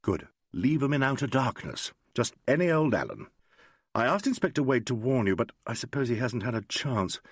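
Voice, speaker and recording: A man voicing an urbane English chief inspector, light and teasing in a gentlemanly way, in an audiobook. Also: mid-range voice, big pitch swings, normal speed, slightly rough, no echo, studio quality. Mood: wry.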